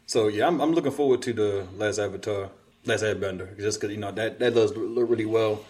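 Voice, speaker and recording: A man's voice: fairly low pitch, a little fast, a little mellow, slightly rough. A man co-hosting a casual podcast chat, laid-back and laughing often, trailing off and restarting his sentences. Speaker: podcast co-host.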